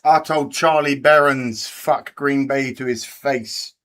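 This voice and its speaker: A man's voice: mid-range voice, fairly even intonation, slow, fairly bright tone. Brief: English male stream host, crude chatty banter with viewers, mid-range voice. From England. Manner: swearing, bantering with chat. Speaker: livestream host. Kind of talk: live race watch-party chat.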